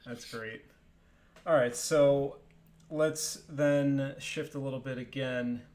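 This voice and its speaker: A man from New Jersey hosts a casual interview. He asks friendly, rambling questions, often restarting mid-sentence, and his voice sits in a middle pitch. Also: fairly even intonation, slow pace, a little mellow. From New Jersey, United States. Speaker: interviewer, host.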